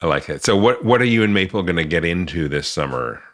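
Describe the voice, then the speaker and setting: A man's voice: low voice, lively intonation, fast talker, fairly bright tone. A man hosting a casual podcast interview, playful and teasing, often laughing. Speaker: podcast host.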